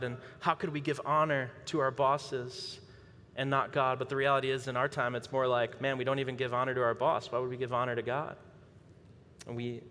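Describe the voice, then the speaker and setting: Man preaching in a church, bright voice, casual asides, hall reverb. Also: fairly high pitch. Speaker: pastor. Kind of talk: sermon. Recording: long reverb of a large hall.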